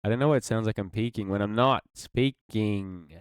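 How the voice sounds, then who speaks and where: A man's voice: lowish voice, moderate pace, smooth, dry recording, studio quality. A man streaming live, chatting casually with his viewers in a laid-back, slangy way. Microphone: desk mic. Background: faint background music.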